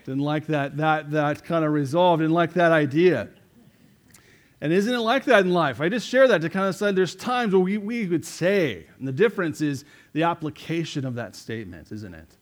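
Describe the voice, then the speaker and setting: A man's voice: a little high, animated, moderate pace. A man preaching a sermon as pastor, conversational, often checking in with the congregation and repeating himself. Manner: conversational, asks "right?" often, repeats words.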